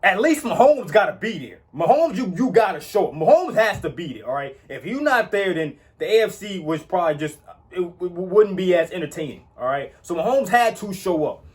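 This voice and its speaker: A man's voice: high-pitched, very animated, a little fast, darkish tone. A man giving casual football opinions, emphatic and repetitive, often tagging "all right?" onto his points. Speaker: sports commentator. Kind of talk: casual sports opinion talk.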